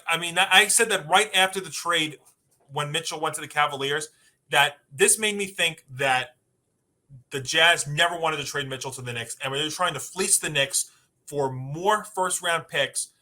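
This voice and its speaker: Bright, emphatic male sports podcast host. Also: on the high side. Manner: emphatic, rattles off lists. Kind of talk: sports talk debate.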